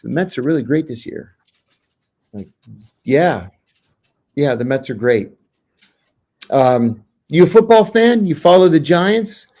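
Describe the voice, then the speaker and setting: A middle-aged American man, a former intelligence officer, tells a story as an interview guest, acting out the quoted lines with sudden jumps in pitch. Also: a little mellow. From United States.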